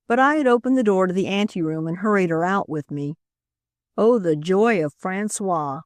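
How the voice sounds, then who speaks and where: A woman narrating an audiobook in the first person, expressive and wry, on a close studio mic. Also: lowish voice, dry recording.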